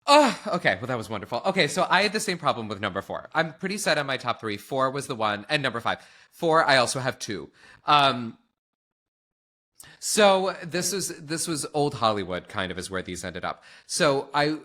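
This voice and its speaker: Bright-voiced man co-hosting a chatty podcast. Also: medium pitch, normal speed. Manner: animated, chatty, with restarts and fillers. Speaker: podcast co-host. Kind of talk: casual chat.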